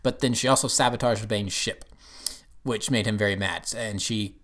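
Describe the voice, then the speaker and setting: A man's voice: fairly low pitch, steady tone, moderate pace, a bit bright. A man giving a casual, rambling spoken review of a TV episode, with lots of "um"s and restarts. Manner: rambling, full of fillers and restarts. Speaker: TV show reviewer.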